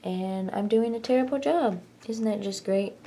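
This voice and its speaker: A woman's voice: medium pitch, moderate pace, mellow. A woman vlogging in a casual chat, rambling and self-mocking as she tinkers and jokes.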